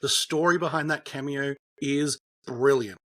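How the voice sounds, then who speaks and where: A man's voice: medium pitch, a little slow, pushed and bright. A young man co-hosting a podcast, chatting loosely about a film and telling stories behind it with lots of fillers. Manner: rambling, storytelling, many fillers. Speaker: podcast co-host. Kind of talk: casual film chat.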